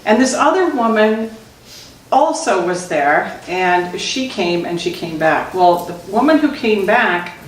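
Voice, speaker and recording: A woman's voice: mid-range voice, animated, measured pace. Woman telling funny stories in an echoey hall. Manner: laughing often while telling anecdotes. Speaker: Zen teacher. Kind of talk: storytelling talk. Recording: echoey room, distant mic, noisy.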